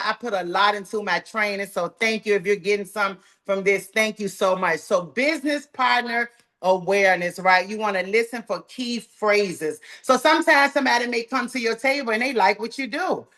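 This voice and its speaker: A woman with a Southern US drawl, running a live sales training call in a folksy, energetic, encouraging way. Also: medium pitch, moderate pace. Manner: folksy, talks straight to the group, says "y'all" often.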